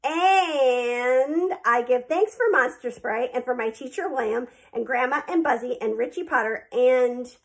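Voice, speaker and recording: A woman's voice: sits high, measured pace, hardly any pauses. Cheeky little boy, as a woman puts him on. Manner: eager, boastful child voice. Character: chatty young boy, bold and cheeky.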